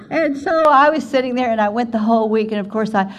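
An older woman from Alabama, telling an animated story as a guest speaker at a writers conference. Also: fairly high pitch, muffled recording. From Alabama, USA. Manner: animated storyteller, acts out quoted voices. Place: conference hall.

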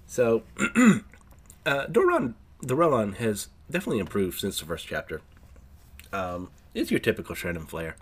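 A man giving a casual chapter recap, rambling with fillers and frequent throat clearing. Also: lowish voice, sing-song, a little slow. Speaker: manga reviewer.

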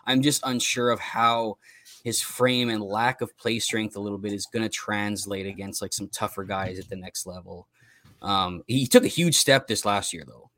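Low-voiced man on a dry call. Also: fairly even intonation, moderate pace, bright, forceful tone, no room sound. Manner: thinks aloud with restarts, laughs often. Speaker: fantasy football analyst. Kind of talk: casual group call discussion. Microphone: online call.

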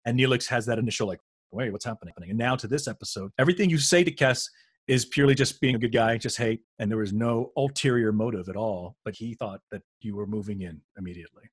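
A man's voice: medium pitch, fast, husky. A middle-aged man co-hosting a podcast, chatty and agreeable as he recalls an episode. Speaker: podcast co-host. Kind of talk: casual rewatch discussion.

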